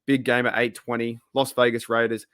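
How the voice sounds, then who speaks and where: A man's voice: medium pitch, level tone, brisk, fairly bright tone, dry recording, studio quality. An Australian man hosting his fan channel, chatting casually in a rambling, jokey way. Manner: rambling, jokey, many fillers and restarts. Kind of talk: casual vlog commentary.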